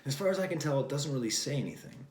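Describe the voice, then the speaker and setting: A man's voice: medium pitch, lively intonation, rapid-fire, a little mellow. A man hosting a casual album review, talking in a rambling, wry way and drifting between thoughts with plenty of fillers. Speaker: record review host. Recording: roomy echo.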